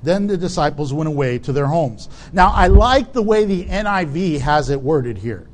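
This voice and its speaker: A man's voice: on the high side, animated, moderate pace. A male pastor preaching a conversational sermon and asking his listeners rhetorical questions.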